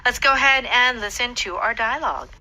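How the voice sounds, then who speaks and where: A woman's voice: fairly high pitch, expressive, a little fast, very noisy. A woman from South Korea co-hosting a radio English lesson, leading it in a friendly way with many okays.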